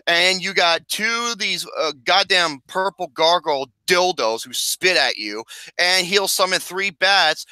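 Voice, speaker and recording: A man in casual gaming chat, animated and swearing a lot, laughing often. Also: a little high, no room sound, low-quality recording. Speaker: co-host.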